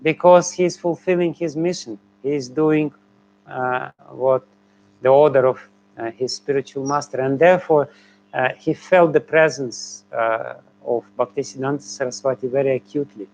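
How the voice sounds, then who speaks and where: A man's voice: mid-range voice, moderate pace, a little mellow, a little hiss or hum. A man, a spiritual teacher, answering a question with a hesitant, chuckling manner and many fillers.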